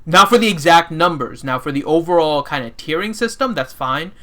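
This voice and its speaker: A man's voice: on the high side, expressive, fairly quick, bright, forceful tone. A man co-hosting a casual gaming chat stream, reading out viewer questions and explaining his views. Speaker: podcast co-host.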